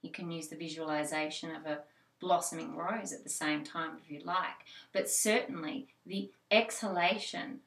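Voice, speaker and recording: A woman's voice: low-pitched, fairly even intonation, normal speed, creaky, a bit bright, roomy sound. A woman with an Australian accent, a childbirth educator giving an informal talk with many fillers and restarts. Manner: conversational, with frequent fillers and restarts.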